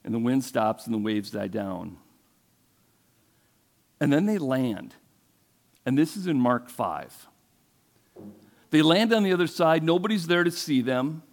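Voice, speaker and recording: A man's voice: on the high side, very animated, takes it slowly, pauses often. A male pastor preaching a sermon, retelling a story in a conversational way and asking the congregation questions.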